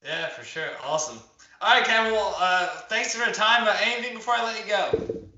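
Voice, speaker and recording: A man interviewing a guest in casual chat, talking quickly with lots of "like"s. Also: sits high, pushed and bright, echoey room, dull audio. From New Jersey area. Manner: quick, chatty, many "like"s.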